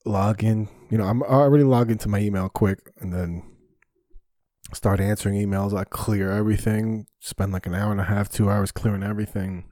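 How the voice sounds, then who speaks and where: A podcast host and stand-up comic delivers a casual solo monologue from his small home basement studio, rambling candidly with plenty of profanity and filler words. His voice is lowish, steady, mellow and fairly quick, with no echo.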